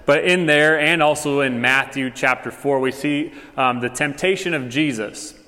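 A man's voice: medium pitch, normal speed, sharp tone, long reverb tail. A man giving a sermon as a pastor, talking in a loose, conversational way with lots of fillers and asides. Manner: casual, conversational preaching with many fillers.

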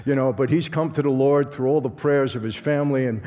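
A man's voice: medium pitch, brisk, mellow. A man with a Brooklyn accent, giving a conversational, streetwise testimony sermon as a guest speaker. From Brooklyn, New York. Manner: streetwise, conversational, acts out dialogue. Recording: long hall reverb.

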